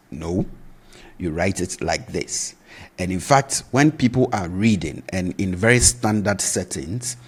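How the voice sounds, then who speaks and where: A man gives a video language lesson in a low, slightly husky voice. He is a Twi speaker who patiently repeats each word so the learner can follow. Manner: patient, repeats words to drill pronunciation. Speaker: language teacher.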